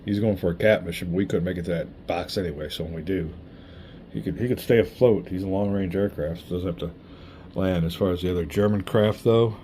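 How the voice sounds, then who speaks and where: A man's voice: low-pitched, a little fast, mellow, slight background noise. A middle-aged man narrating his solo board wargame, chatting and thinking aloud as he rolls dice. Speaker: board game player and channel host. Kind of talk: solo wargame playthrough commentary.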